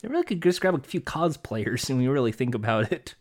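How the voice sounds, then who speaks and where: A man's voice: medium pitch, big pitch swings, brisk. A man co-hosting a casual podcast chat, ranting animatedly and swearing freely. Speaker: podcast co-host.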